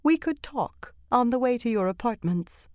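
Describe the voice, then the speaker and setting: A woman reading an audiobook voices a courteous middle-aged woman with a high, lovely voice, gently persuasive. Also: lively intonation, moderate pace, dry recording, studio quality, close to an everyday voice.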